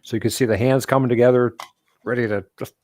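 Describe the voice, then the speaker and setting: A man's voice: mid-range voice, fairly even intonation, fast talker, darkish tone, slight background noise. A man hosting a casual live stream about comics, laughing often and acting out character quotes as he goes. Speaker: host.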